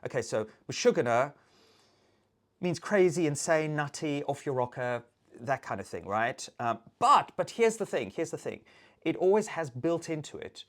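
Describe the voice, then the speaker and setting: Low-voiced woman ranting with lively swings. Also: normal speed. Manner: profane, animated, theatrical ranting. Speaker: video maker. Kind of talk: casual ranting monologue.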